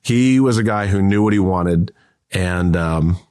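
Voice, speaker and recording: A man in his fifties, a guest on an interview, telling anecdotes in a lively, restart-heavy way. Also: sits low, a little slow. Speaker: guest, entrepreneur and author. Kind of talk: casual interview storytelling.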